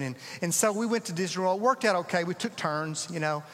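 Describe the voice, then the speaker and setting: A middle-aged pastor preaching with a bright, high voice. He tells stories with sweeping rises and sudden hushed drops. His voice carries a long reverb through a large church sanctuary. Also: expressive, brisk, hardly any pauses. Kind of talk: sermon.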